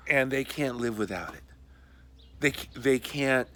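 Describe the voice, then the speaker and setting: A man delivering an angry, profane personal rant, swinging from loud exasperated outbursts to low mutters. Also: a little slow. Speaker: video message maker.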